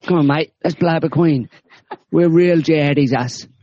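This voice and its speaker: A man putting on a brash, cocky young London geezer, mocking and high-pitched. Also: normal speed, mellow, no echo, highs cut off, natural voice. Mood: swaggering.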